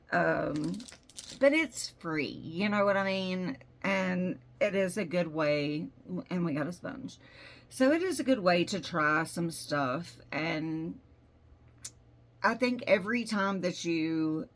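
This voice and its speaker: Lady vlogger, slow easy talk, kinda low voice, rambly unboxing chat. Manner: chatty, rambling, frank opinions.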